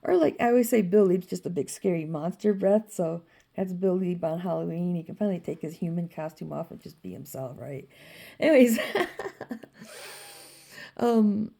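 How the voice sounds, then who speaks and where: A woman's voice: lowish voice, expressive, normal speed, vocal fry, warm tone. A woman vlogging in a casual, meandering monologue full of ums and you-knows as she shows her drawings.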